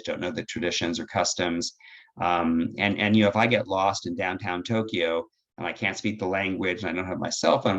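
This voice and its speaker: A man giving an educational talk to caregivers on dementia care, earnest and conversational, explaining his points through stories. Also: low-pitched. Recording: dull lo-fi recording.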